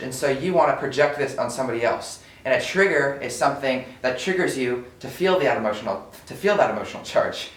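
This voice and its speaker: A young man co-hosting a casual motivational talk, earnest and breaking into laughs between points. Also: mid-range voice. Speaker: co-host. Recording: roomy sound from a distant mic.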